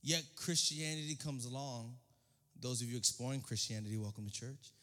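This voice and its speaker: A young man preaching a sermon as pastor, speaking in casual slang and repeating phrases, swinging between hushed and shouted delivery. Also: mid-range voice, a little fast. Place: church hall. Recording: long hall reverb.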